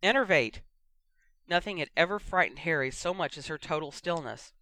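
Bright crisp storyteller reading a fanfic, dry close mic. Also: medium pitch, fairly quick, no echo. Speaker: audiobook narrator. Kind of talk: fan fiction audiobook narration.

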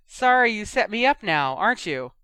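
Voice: medium pitch, sing-song, moderate pace, pushed and bright, clean tone, no room sound, pitched above the performer's own voice. An audiobook reader voicing a teasing young woman who mocks her brother, in a raised, gleeful tone. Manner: mocking, gleeful.

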